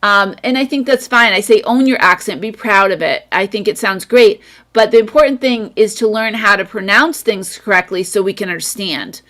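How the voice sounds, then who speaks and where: A woman's voice: medium pitch, normal speed, hardly any pauses. Chatty American woman on a video call. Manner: chatty, warm encouragement, frequent fillers. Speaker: English teacher and host. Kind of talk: casual video call conversation.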